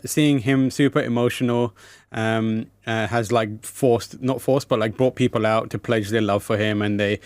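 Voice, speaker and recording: A man's voice: medium pitch, normal speed, clear, resonant tone, dry recording. A man hosting a casual online chat show, talking loosely with lots of fillers and a playful tone. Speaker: podcast host.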